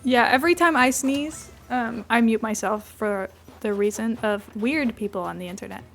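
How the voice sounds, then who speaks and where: A woman with a slightly high voice chats loosely through a game livestream. She rambles from thought to thought and drops into soft cooing whenever her cat comes near. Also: moderate pace, faint music behind. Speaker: game streamer. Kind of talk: casual livestream chat.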